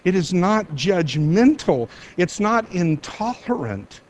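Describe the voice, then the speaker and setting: A middle-aged man preaching a sermon as a pastor, emphatic, slowing down and speeding up to stress his points. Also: high voice, very animated. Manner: emphatic, varies pace for emphasis.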